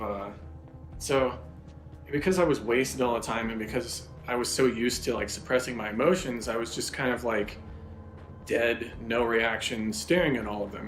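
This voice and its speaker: A man's voice: mid-range voice, fairly bright tone, roomy sound. A young man telling a rambling, self-deprecating, profane story in a casual way.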